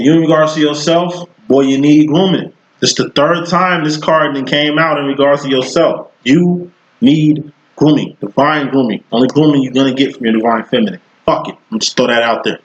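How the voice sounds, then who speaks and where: A man's voice: a little high, a little hiss or hum. Blunt, profane man in his thirties. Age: 30s. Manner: blunt, profane street talk. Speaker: psychic tarot reader. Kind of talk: casual tarot reading vlog. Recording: roomy, dull lo-fi sound.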